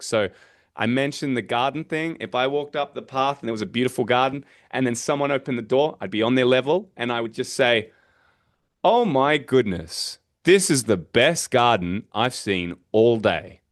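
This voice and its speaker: A man's voice: medium pitch, a little fast. A man coaching real estate agents on door-knocking, casually acting out doorstep conversations. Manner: casual, acts out doorstep dialogue. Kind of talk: teaching door-knocking technique.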